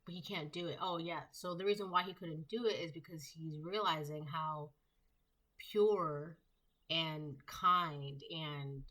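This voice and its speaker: A woman with a deep, pushed and bright voice gives a casual tarot reading. She rambles as she talks, with lots of fillers and restarts.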